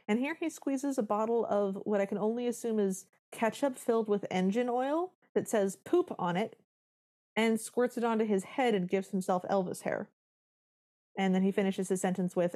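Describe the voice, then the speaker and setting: A woman's voice: mid-range voice, animated, moderate pace, dark tone. A woman co-hosting a podcast, recapping a film in casual chat with wry, dramatic storytelling. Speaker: podcast co-host.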